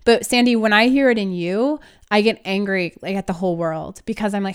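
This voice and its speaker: Woman, podcast co-host, smooth clear voice, emphatic casual chat. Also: medium pitch, fairly quick, few pauses. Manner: animated, emphatic, laughs through frustration.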